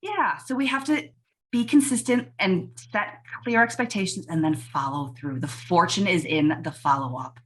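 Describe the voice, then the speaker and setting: A woman's voice: on the low side, moderate pace, a bit bright. A woman pediatrician giving emphatic parenting advice in a casual podcast interview. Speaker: pediatrician guest.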